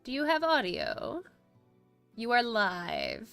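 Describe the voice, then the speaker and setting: Woman streamer, casual chat host, bright and crisp, giggly. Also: on the high side, huge pitch swings, slow, soft background music. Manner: reads chat aloud, chatty and giggly. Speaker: streamer hosting a study stream.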